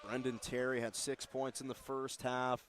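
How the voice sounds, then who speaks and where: A man giving live basketball play-by-play, calling plays quickly and shouting on the big moments. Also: medium pitch, flat delivery, slight background noise. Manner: rapid calls that rise to shouts on big plays. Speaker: play-by-play announcer.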